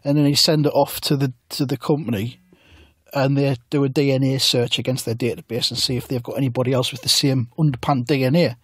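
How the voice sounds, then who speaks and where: A man co-hosting a comedy podcast, rambling through absurd anecdotes in a deadpan way. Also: mid-range voice, quick pace, husky, no echo, clean studio sound. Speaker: podcast co-host. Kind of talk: comedy podcast chat and storytelling.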